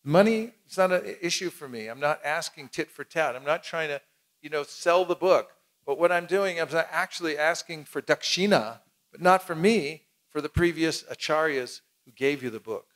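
Man, seminar teacher, casual and demonstrative, slightly higher voice. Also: moderate pace, fairly bright tone. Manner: casual, demonstrative, plain-spoken.

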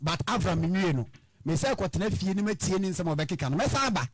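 A pastor speaks as a guest on a radio show in a high voice, recorded dry and close. He is earnest and repeats his main points for the listeners. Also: fast talker, no echo.

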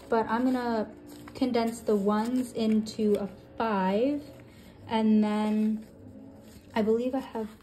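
A woman in her twenties, a budgeting channel host, counting cash aloud and thinking out loud as she sorts it. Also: mid-range voice, slight background noise. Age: 20s. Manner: counts bills aloud in steady runs; thinks aloud, with soft hesitations.

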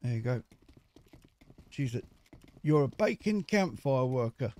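A man's voice: mid-range voice, very animated, measured pace, darkish tone. Chatty man narrating his gameplay. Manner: chatty, jokey, talks to himself while playing. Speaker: gaming video host. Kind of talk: casual let's-play commentary.

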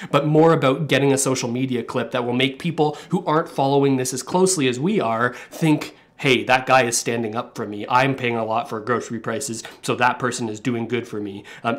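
A man from Canada talks through news clips in a loose, conversational way. He circles back with fillers and restarts as he reacts. His voice sits in an ordinary middle pitch. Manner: chatty, many fillers and restarts, reacting to footage. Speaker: finance commentator. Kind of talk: casual commentary on clips.

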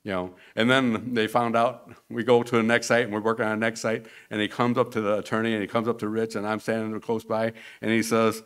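A man's voice: lowish voice, little pitch movement, a little fast, hardly any pauses, fairly bright tone, clean tone. A man giving a rambling, informal mission report to a church congregation, acting out the quotes in his stories. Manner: rambling storyteller, acts out quotes. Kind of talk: informal slideshow talk to a congregation. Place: church sanctuary.

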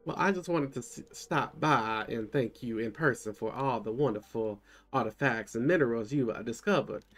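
A man's voice: mid-range voice, moderate pace, fairly bright tone, soft background music. A man voicing a polite, formal male museum curator with a put-on accent. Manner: put-on accent, courteous and fussy.

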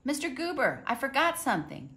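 A woman voicing a lonely, kindly older man in a storybook, speaking softly and gently. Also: sits low, animated, fairly quick, creaky, heavily acted. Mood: gentle.

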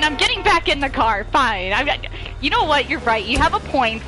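Woman gamer, high and lively voice, panicky and quick to laugh, live play commentary over faint game music. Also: poor audio. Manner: excitable, panicky, laughs often. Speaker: gamer streaming with friends.

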